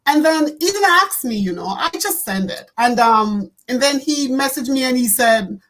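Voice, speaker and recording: A woman hosting an online talk show, speaking earnestly and warmly, repeating words and laughing often. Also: high voice, lively intonation, normal speed, rough recording. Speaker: host.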